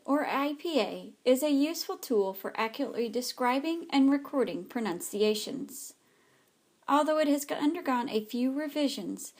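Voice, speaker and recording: Woman, fairly high voice, ESL teacher, careful scripted slide talk, small slips. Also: a little mellow. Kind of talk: reading a slide presentation.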